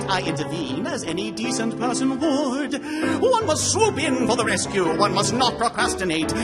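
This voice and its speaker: A man singing the part of a sanctimonious, pompous village parson in musical theatre style, preachy and wordy. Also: high voice. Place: concert stage.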